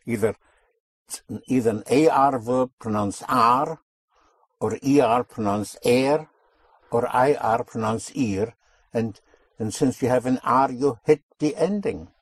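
A man's voice: medium pitch, measured pace, husky, no room sound. A man teaching a Spanish lesson, patiently explaining grammar and repeating his students' answers back to them. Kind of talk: language lesson.

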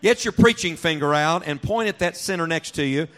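Preaching briskly in a fairly high voice, a pastor addresses his congregation from the pulpit of a church sanctuary. Rhetorical questions keep coming, the crowd calls back at his prompting, and his sermon veers between loud, punchy emphasis and gentle, low reflection.

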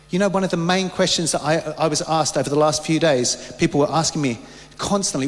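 A man's voice: a little high, quick pace. A man preaching a sermon, fervent and anecdotal, often restarting his sentences. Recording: long hall reverb.

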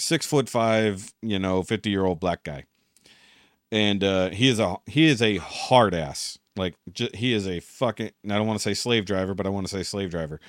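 With a low voice captured in a dry, clean studio recording, this young man co-hosts a podcast. He's an animated storyteller in profane, casual conversation, swearing freely and performing the lines he quotes.

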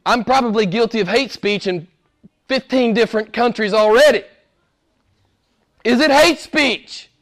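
Male pastor, high-pitched, emphatic sermon delivery with lots of repetition and big swings in volume. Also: unhurried, long pauses, a bit bright. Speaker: preacher.

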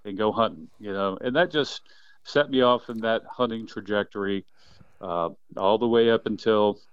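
A man in his fifties, a quail biologist, telling animated stories in a casual interview with plenty of laughs. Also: fairly low pitch, normal speed, clean tone, no room sound, muffled recording. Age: 50s. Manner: enthusiastic, animated storyteller who laughs often.

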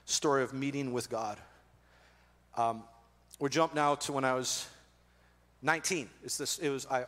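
A man in his forties preaching a sermon as pastor, telling stories with animated energy and then softening to earnest, quiet tones. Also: medium pitch. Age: 40s. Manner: animated storytelling, drops to soft earnest tones. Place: church auditorium. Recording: long reverb of a large hall.

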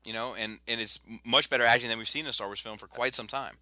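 A man in casual chat, profane and animated, with quick bursts of excitement. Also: medium pitch, no room sound.

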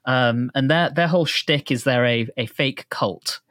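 A man co-hosting a music podcast, chatting in a relaxed way with dry humor. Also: medium pitch, a little slow, dry recording. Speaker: podcast co-host. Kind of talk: casual chat.

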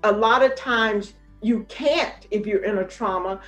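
An older woman, a retired nurse anesthetist, giving a podcast interview in an earnest, calm way and repeating her points for emphasis. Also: mid-range voice, unhurried, soft background music.

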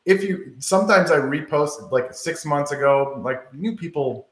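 A man's voice: on the high side, unhurried, slight background noise. A man who is a doctor, a podcast guest chatting casually in a laid-back, self-deprecating way and laughing easily. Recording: roomy echo.

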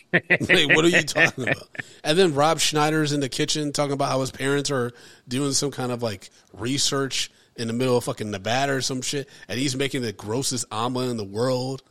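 A man's voice: mid-range voice, steady tone, brisk, fairly bright tone. A man co-hosting a casual podcast chat, ranting in disbelief and swearing freely. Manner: incredulous, ranting, swears a lot. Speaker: podcast co-host.

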